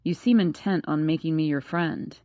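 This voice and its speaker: A woman reading an audiobook, voicing a calm, odd teenage boy who speaks softly and wryly. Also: deep voice, normal speed, no room sound, studio quality, voice pushed down, natural voice. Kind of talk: audiobook character voice.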